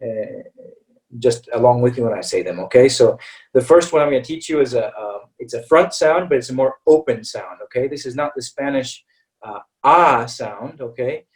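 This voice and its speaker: A man's voice: medium pitch, expressive, a little mellow. American man teaching vowels, slightly distant mic. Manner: patient, checks in with "okay?" after nearly every phrase; slows down to model vowel sounds. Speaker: English pronunciation teacher. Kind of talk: webinar lesson.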